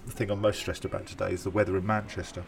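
A man's voice: low voice, level tone, racing, vocal fry, a little hiss or hum. A man co-hosting a podcast in casual chat, rambling and correcting himself with dry humour. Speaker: podcast co-host.

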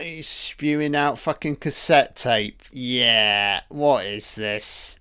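Sarcastic, slow-talking man. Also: mid-range voice, clear, resonant tone. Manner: mocking, profane, deadpan asides. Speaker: film commentator. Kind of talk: sarcastic solo film commentary.

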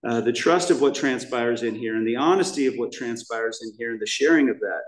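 A man's voice: medium pitch, a little fast. An American man giving a candid, rambling personal testimony as the main speaker at a recovery meeting in a church hall. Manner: candid, rambling, emotional storytelling with restarts. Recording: roomy hall sound, mic at a distance.

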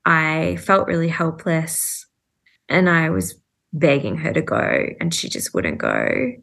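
A woman speaks as a podcast guest, earnestly telling a personal story. Her voice sits low and carries a steady gravelly fry. She talks in loose, chatty runs full of fillers and her own remembered thoughts. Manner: earnest, recounting events with many "like" fillers and inner quotes.

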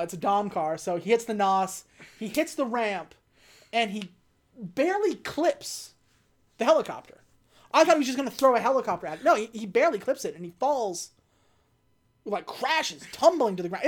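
A woman's voice: a little high, normal speed. Woman animatedly recapping a film. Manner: animated storyteller, acts out characters' lines. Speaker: podcast co-host recapping a film. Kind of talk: casual chat.

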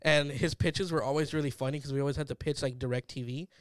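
A man's voice: on the high side, steady tone, a little fast, dry recording. A young man co-hosting a podcast, chatting casually and telling rambling stories. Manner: rambling storyteller, laughs often. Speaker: podcast co-host. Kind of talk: casual chat.

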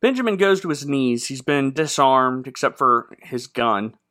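A man's voice: medium pitch, expressive, measured pace, pushed and bright. A man hosting a casual comedy podcast, rambling sarcastically through a movie recap with fillers and sound effects. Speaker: podcast host.

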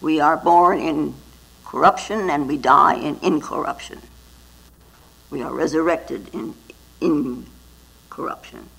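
A woman's voice: deep voice, vocal fry, a bit bright, slightly rough, rough recording. A woman Zen teacher giving a dharma talk, telling stories and often adding little tag questions. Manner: storytelling with frequent tag questions.

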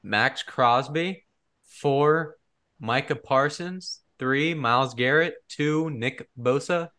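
A man's voice: mid-range voice, slow pace, sharp tone. A man co-hosting a casual sports podcast, teasing the others and keeping the show moving. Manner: teasing, moves the show along. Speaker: co-host.

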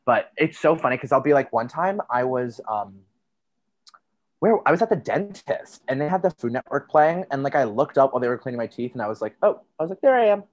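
A man's voice: mid-range voice, expressive, highs cut off. A young man from New Jersey, a podcast guest in casual chat, talking loosely and packing his sentences with "like" and restarts. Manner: chatty, heavy use of "like", quick restarts.

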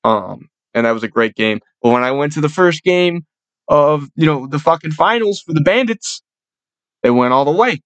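A man's voice: a little high, lively intonation, normal speed, fairly bright tone, no echo, muffled recording. A young man hosting a casual sports chat, rambling and swearing freely. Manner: profane, rowdy, rambling. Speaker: sports podcast host.

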